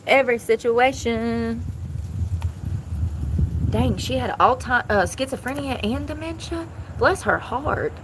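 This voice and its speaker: A woman's voice: on the high side, a little slow, long pauses, noisy background. A woman chatting casually on a live stream outdoors, blunt and thinking aloud as she talks. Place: outdoors near traffic.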